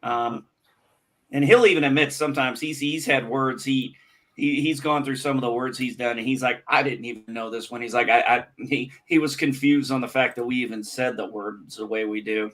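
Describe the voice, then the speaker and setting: A man's voice: mid-range voice, steady tone, normal speed, fairly bright tone. A man from the United States in casual chat, curious and rambling, restarting his sentences often.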